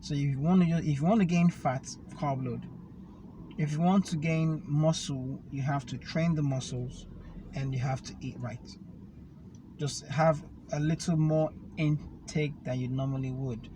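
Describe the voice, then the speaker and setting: Man, fitness talk, patient step-by-step explainer, slightly high voice, car noise behind. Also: fairly even intonation, a little slow, dark tone. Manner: explains step by step with homely analogies. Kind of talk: casual conversation. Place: inside a car. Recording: noisy car recording.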